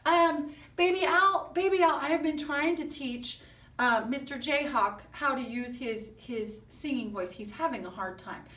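A woman's voice: high-pitched, a little slow, bright, forceful tone. A woman teaching a kindergarten music class with puppets, coaxing children with sing-song questions. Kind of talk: online music lesson with puppets. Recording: roomy sound from a distant mic.

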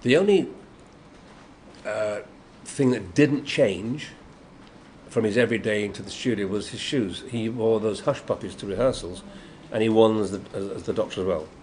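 An older actor being interviewed as a guest, he speaks at normal speed with a fairly low pitch and a Yorkshire English accent, hailing from Yorkshire, England. In a noisy convention room, he tells anecdotes with lively flair, acting out the quotes and laughing often.

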